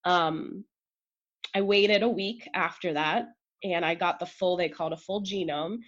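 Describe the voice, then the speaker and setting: A woman guest on a podcast, telling a personal story in an emotional, chatty way full of "like" and quick asides. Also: fairly low pitch, lo-fi sound.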